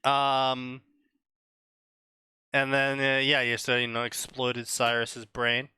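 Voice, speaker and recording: A man co-hosting a stream, reading fan fiction aloud and mocking it in animated, casual talk, laughing often. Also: medium pitch, takes it slowly, clear, resonant tone, no echo. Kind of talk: casual comedic commentary.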